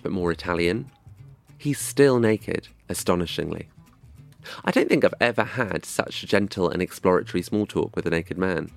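A man's voice: low voice, creaky. A young man from England telling a scripted comic story in a wry, dry, self-mocking way. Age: young adult.

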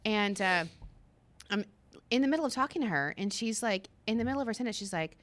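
Bubbly middle-aged woman, bright voice. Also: mid-range voice, fairly quick. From American South. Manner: bubbly, animated storyteller. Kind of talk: casual chat.

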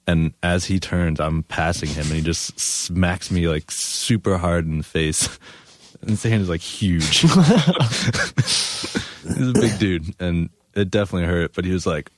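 Very deep-voiced man telling stories. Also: fairly even intonation, unhurried. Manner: laid-back storyteller, laughs often, many "like" fillers. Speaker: guest. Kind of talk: casual chat.

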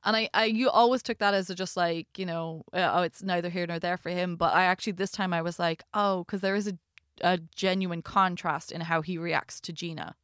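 A woman's voice: fairly low pitch, brisk, clear, resonant tone, no room sound, clean studio sound. A woman co-hosting a casual podcast, talking through a movie and acting out quoted lines as she goes. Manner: conversational, animated retelling with quoted asides. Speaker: podcast co-host. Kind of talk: casual chat reviewing a movie.

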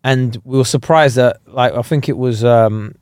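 A man's voice: medium pitch, normal speed, a little mellow, smooth, no echo, clean studio sound. A young man, co-hosting a podcast in casual chat, joking and slipping into silly voices. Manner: jokey storyteller, slips into silly voices. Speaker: podcast co-host.

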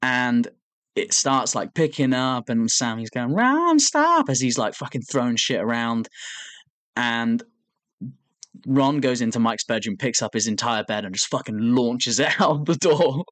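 A man's voice: mid-range voice, unhurried, no room sound. A young man, a podcast co-host, telling a story in casual chat, swearing often and acting out the lines of the people he talks about. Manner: animated storytelling, swears a lot, acts out quotes.

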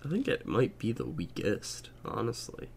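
Low gravelly man chatting casually. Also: wildly swooping pitch, moderate pace, slight background noise. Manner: rambling, lots of fillers and swearing. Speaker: podcast co-host. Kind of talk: casual chat.

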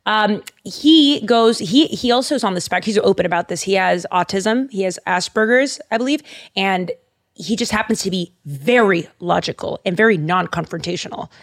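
A young woman co-hosting a podcast, telling stories in an animated, casual way, with frequent fillers and restarts. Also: medium pitch, moderate pace. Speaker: podcast co-host. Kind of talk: casual chat.

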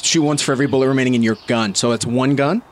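A man's voice: medium pitch, fairly even intonation, racing. A man with a mid-range voice plays a tabletop game, thinking aloud as he tallies his dice rolls. A faint hiss of noise sits behind his voice. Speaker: player. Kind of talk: casual tabletop play.

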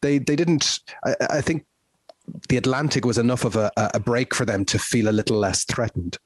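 A man's voice: medium pitch, a little fast, breathy edge, dry recording. A man co-hosting a casual chat about music history, conversational and asking leading questions. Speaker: podcast co-host.

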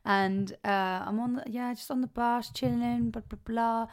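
A woman's voice: on the high side, fairly even intonation, normal speed, darkish tone, no room sound, studio quality. A woman co-hosting a podcast, casually and animatedly retelling a story with frequent swearing. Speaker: podcast co-host.

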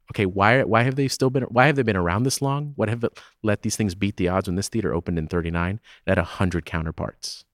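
A deep-voiced man appears as a guest on a conversational podcast interview, speaking as a theater owner and festival director. He's emphatic, repeatedly asking "right?" to push his points, and the close-mic sound is dry with no echo.

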